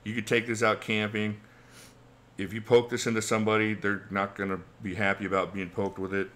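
A man's voice: lowish voice, little pitch movement, fairly quick, pushed and bright. A man in his forties hosting a casual livestream Q&A, chatty, reading viewer questions aloud and chuckling often. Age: 40s. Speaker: channel host.

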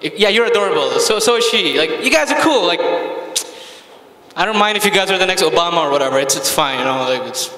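A man's voice: high voice, expressive, quick pace, bright, forceful tone. A young man from Saudi Arabia doing a rambling stand-up set at an open mic, teasing the audience and slipping between English and Hindi. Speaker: stand-up comedian. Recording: echoey hall.

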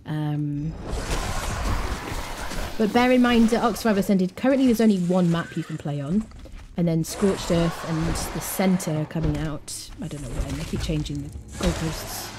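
A woman's voice: fairly low pitch, normal speed, background noise. A woman streaming a game live, chatting loosely and answering her chat as she plays.

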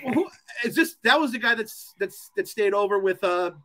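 A man's voice: high voice, moderate pace, pushed and bright. A young man hosting a podcast in a casual chat, ranting, swearing and laughing often. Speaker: podcast host.

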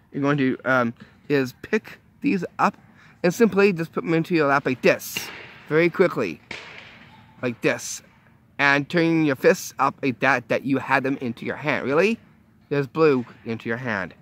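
A man hosting a magic tutorial, explaining tricks in a chatty, halting way with many restarts and upbeat reveals. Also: mid-range voice, animated, fairly bright tone. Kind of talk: casual how-to demonstration.

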